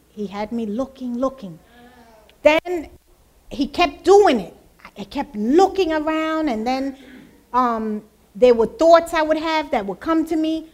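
A woman sharing her church testimony as a lively story, acting out the voices of the people in it. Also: high-pitched. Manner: lively, acts out quoted dialogue. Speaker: church speaker giving testimony.

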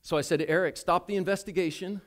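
A man's voice: sits high, steady tone, fast talker. An older man preaching a sermon as a pastor, telling a story about himself in a chatty, self-deprecating way.

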